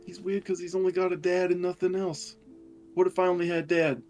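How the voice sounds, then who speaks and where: A man's voice: sits high, little pitch movement, darkish tone, soft background music, lightly acted. A man voicing a defensive young son who talks back to his mother, with a put-on Italian accent, in a tabletop game. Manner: quick, pleading and defensive. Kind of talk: tabletop role-play acting.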